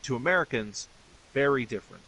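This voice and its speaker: A man's voice: mid-range voice, lively intonation, fairly quick, bright, forceful tone, a little hiss or hum, poor audio. A middle-aged man streaming games, ranting bluntly and swearing freely in casual commentary. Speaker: gaming streamer. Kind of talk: casual commentary over gameplay.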